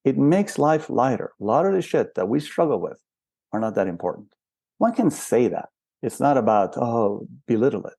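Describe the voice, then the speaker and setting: A man's voice: mid-range voice, animated, moderate pace, creaky, dark tone, no echo. An older man, a spiritual counselor and guest, explaining patiently and asking rhetorical questions in a reflective interview.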